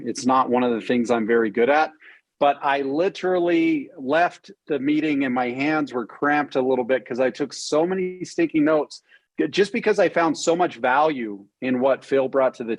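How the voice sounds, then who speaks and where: A man's voice: medium pitch, dry recording, low-quality recording. Male host, eager and chatty, casual interview on a video call, dry sound. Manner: enthusiastic, with frequent restarts and fillers. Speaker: podcast host. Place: cabin home in Utah.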